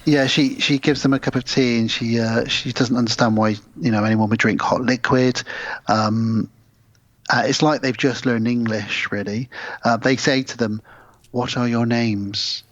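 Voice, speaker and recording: A male podcast co-host walks through a film's story in casual chat, slipping into the characters' dialogue as he goes. His voice sits at an ordinary middle pitch. The recording sounds dull and lo-fi. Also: steady tone, moderate pace, no room sound. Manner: retells plots at length, acting out characters' lines. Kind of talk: casual film review chat.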